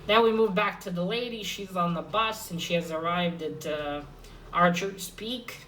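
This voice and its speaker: A woman with a fairly low voice walks through a comic book issue in a loose, chatty way. She hesitates a lot, fills gaps with "uh" and restarts her sentences. She sits a little away from the microphone. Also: normal speed, fairly bright tone, distant mic, a little hiss or hum, poor audio. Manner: rambling, hesitant with many fillers and restarts. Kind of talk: casual comic recap.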